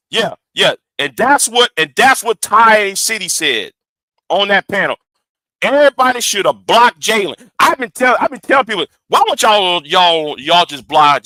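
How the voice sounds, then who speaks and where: A man's voice: high-pitched, pushed and bright, dry recording. A man hosting a livestream, giving heated commentary in an emphatic, profane way and repeating words when he gets worked up. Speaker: livestream host.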